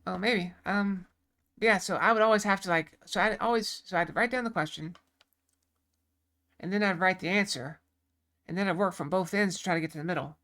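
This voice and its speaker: Gravelly-voiced woman streamer chatting. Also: fairly low pitch, fairly quick, long pauses, fairly bright tone. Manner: rambling, with many fillers and restarts. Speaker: game streamer. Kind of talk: casual live-stream chat.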